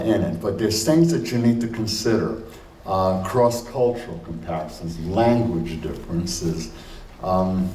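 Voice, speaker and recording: A man giving a conversational conference lecture, full of fillers and slowing to stress points. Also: deep voice, dark tone. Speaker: conference speaker. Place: conference hall. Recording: roomy hall, distant mic, faint noise.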